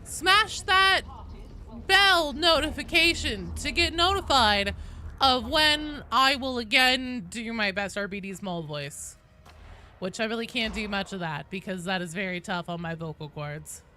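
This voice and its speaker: A tired woman streaming a game, greeting chat by name in animated, casual talk, with some swearing. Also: a little high, a little slow, slight background noise. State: sleep-deprived and tired.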